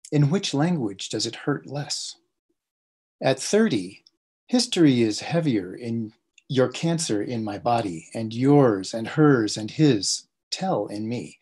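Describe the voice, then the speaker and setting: Guy reading his poetry translation, kinda husky, steady measured pace. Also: mid-range voice.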